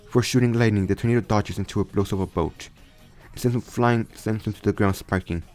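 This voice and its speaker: A man's voice: fairly low pitch, fairly even intonation, a little fast, darkish tone, faint music behind. A young man casually retelling a fan story, rambling with frequent restarts and self-corrections.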